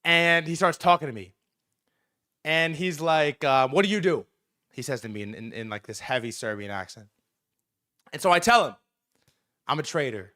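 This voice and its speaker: A young man on a livestream tells a long, rambling story in a bright, slightly high voice, stacking fillers and repeated words. The sound is dry and close, with no room around it, and his pitch leaps up whenever he acts out his own lines. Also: moderate pace, pauses often, dry recording. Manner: animated, lots of fillers and repeats, jumps high when quoting himself. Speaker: livestream host.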